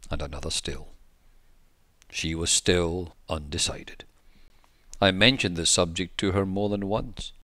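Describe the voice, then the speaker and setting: Deep-voiced man reading solemnly. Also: a bit bright, no room sound, studio quality. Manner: measured, solemn, sermon-like delivery. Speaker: narrator. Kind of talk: solemn scripted narration of an old religious text.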